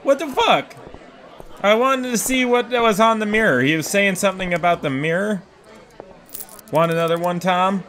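Excitable swearing man playing a game. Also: high-pitched, normal speed. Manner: excitable, swearing, laughing often. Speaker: gaming YouTuber. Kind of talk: let's play commentary. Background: game music.

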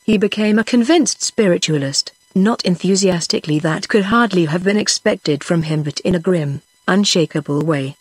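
A woman's voice: fairly low pitch, moderate pace, few pauses, slightly rough, no echo. Synthetic British woman reading an audiobook. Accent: British English. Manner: steady, evenly paced reading. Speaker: audiobook narrator. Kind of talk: text-to-speech audiobook narration. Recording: dry synthetic studio voice.

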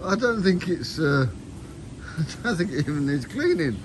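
A man's voice: fairly high pitch, big pitch swings, moderate pace. A middle-aged man and racing driver chatting casually in a rambling vlog, full of restarts. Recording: noisy outdoor recording.

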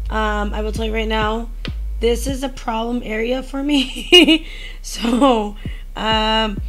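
A woman's voice: on the high side, slight background noise, rough recording. A young woman, playing a quiz and muttering to herself while laughing at her mistakes. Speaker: YouTuber. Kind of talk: casual quiz-playing chat. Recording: music playing underneath.

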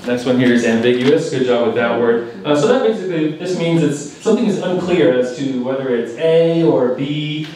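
A man's voice: medium pitch, moderate pace, hardly any pauses, mellow. Man, language evaluator, teacherly and patient, distant mic in a reverberant room. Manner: patient and teacherly, explains phrases and leads the room in repeating words. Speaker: language evaluator at a speaking club. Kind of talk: live spoken feedback to club members. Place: large echoey meeting room.

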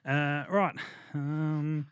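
A man's voice: on the high side, fairly even intonation, extremely slow, smooth, dry recording. A man hosting a casual podcast chat, laid-back and laughing often. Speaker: podcast host.

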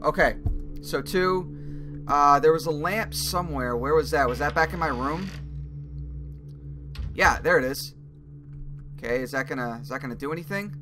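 A young man playing a horror game, talking through it in an excitable, jumpy way and swearing at scares. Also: a little high. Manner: excitable, jumpy reactions, swearing, thinking aloud. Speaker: gaming YouTuber. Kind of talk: let's play commentary.

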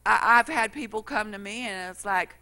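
A woman's voice: mid-range voice, normal speed, pushed and bright. A middle-aged woman preaching a sermon, telling folksy stories and acting out what people said. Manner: folksy storytelling, acts out quotes.

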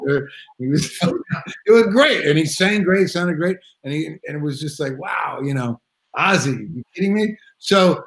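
Over a video-call microphone with rough audio, a middle-aged drummer guest spins a story in a relaxed live video chat. His fairly high voice is animated, unhurried, and creaky, and he rambles with restarts while acting out quotes.

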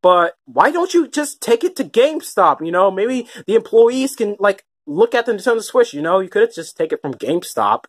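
A woman voicing a bratty young male koopa prince who taunts and yells in a puppet comedy skit. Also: mid-range voice, sing-song, normal speed, few pauses, breathy edge, voice pushed down. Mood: scolding. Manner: taunting, yelling, scolding.

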